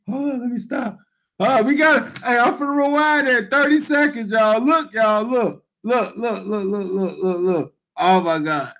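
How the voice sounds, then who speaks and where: A man with a high-pitched voice reacts to a video, breaking into helpless laughter as he talks. He speaks slowly, stretching out slangy exclamations and repeating himself over and over. He speaks as a priest doing casual reaction commentary. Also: a bit bright.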